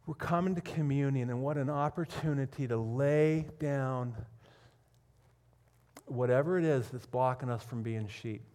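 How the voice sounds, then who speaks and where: Telling a story from the pulpit, a pastor of medium pitch preaches a little slowly, repeating himself for emphasis and shifting between booming intensity and quiet whispers.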